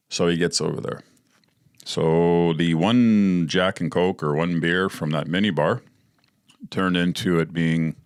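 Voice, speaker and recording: A man with a very low voice recounts his past openly, swearing freely and circling back with ums and uhs. The sound is dry and close, with no room echo. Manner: candid, profane, rambling with fillers. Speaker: podcast host. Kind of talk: storytelling monologue.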